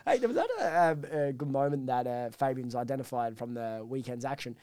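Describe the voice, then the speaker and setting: A man's voice: mid-range voice, a little fast, darkish tone, dry recording, studio quality. A young man co-hosting a casual sports podcast, teasing and laughing often. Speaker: podcast co-host. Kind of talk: casual chat.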